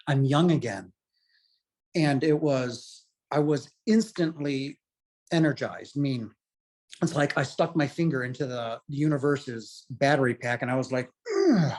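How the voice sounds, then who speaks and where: A man's voice: medium pitch, a little mellow. A man in his late forties, a guest telling a personal story in an earnest, heartfelt and emotional way. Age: late 40s. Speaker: guest telling his near-death experience.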